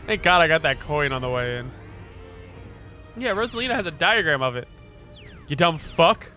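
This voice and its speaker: A young man commenting on a video game as he plays, excitable and prone to loud, swearing outbursts. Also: a little high, moderate pace, pauses often. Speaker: gaming streamer. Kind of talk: let's play commentary. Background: game music.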